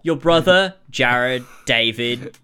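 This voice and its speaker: A man's voice: medium pitch, takes it slowly, pushed and bright, clean tone. A man chatting casually on a podcast, chipping in with playful ribbing. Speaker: podcast co-host.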